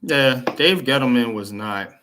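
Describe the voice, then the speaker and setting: A man's voice: mid-range voice, animated, unhurried, noisy background. A man hosting a casual sports chat, blunt and profane, repeating "man" as he talks.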